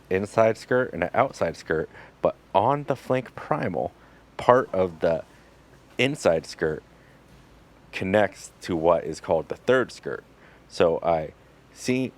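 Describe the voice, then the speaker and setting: A man with a very low voice talks through his butchering in an easygoing, instructional way. He keeps it loose and jokey, with plenty of fillers. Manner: relaxed and joking, with fillers. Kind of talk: casual instructional narration.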